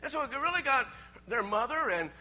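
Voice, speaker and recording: A middle-aged man, preaching a storytelling sermon. He talks in a folksy way, repeats words, laughs often, and swings from loud to hushed. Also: very high voice, expressive, a little fast, highs cut off. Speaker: pastor.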